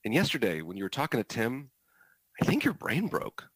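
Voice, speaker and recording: A man's voice: mid-range voice, huge pitch swings, a little fast, breathy edge, dry recording, pitched above the performer's own voice. A man voicing a blunt, curious teenage boy student who asks straight out what he thinks. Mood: matter-of-fact. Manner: blunt, casual.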